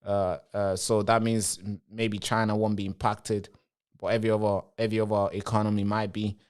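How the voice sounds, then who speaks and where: A man's voice: lowish voice, little pitch movement, fairly quick. Male live-streamer, rambling commentary straight to viewers, answers chat. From Britain.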